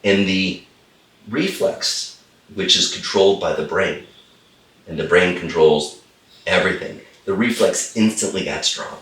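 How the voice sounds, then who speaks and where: Deep-voiced, emphatic middle-aged man. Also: unhurried, a bit bright, reverberant, distant mic. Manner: repeats phrases for emphasis, enthusiastic. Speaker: holistic chiropractor, guest. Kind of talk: animated storytelling in a conversation.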